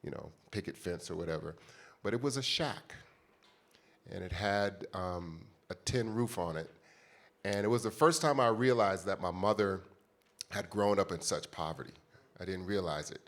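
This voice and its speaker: A man in his fifties from the United States tells a personal story from a conference stage. His voice sits low, and his delivery is heartfelt and conversational. He speaks straight to the crowd in front of him. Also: normal speed. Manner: heartfelt, conversational, addresses the audience directly. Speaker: panelist.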